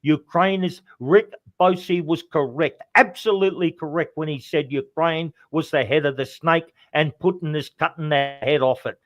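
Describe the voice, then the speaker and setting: A man's voice: fairly high pitch, moderate pace, few pauses, a bit bright, dry recording. An Australian man, a show guest, speaking with emphatic passion and repeating his phrases. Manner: emphatic, repeats phrases, calls others mate. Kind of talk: impassioned political talk.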